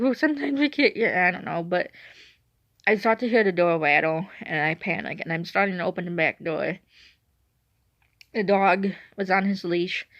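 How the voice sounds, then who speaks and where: A woman's voice: fairly low pitch, a bit bright, dry recording. Rambling young woman telling a story. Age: 20s. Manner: rambling, self-correcting storyteller. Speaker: vlogger. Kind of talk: casual storytime. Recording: dry, dull lo-fi recording.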